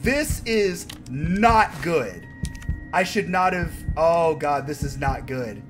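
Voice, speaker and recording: A man playing a horror game and commenting, panicky, yelling and swearing at the enemies. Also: fairly high pitch, animated, slow pace, music in the background. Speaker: gamer. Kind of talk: let's play commentary.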